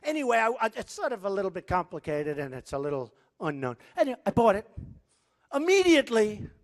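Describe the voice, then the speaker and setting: Male candidate at a rally; boastful, repetitive, off-the-cuff delivery, lively up-and-down pitch. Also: a little fast. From United States. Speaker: political candidate speaking at a rally. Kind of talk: campaign rally speech. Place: large indoor rally venue.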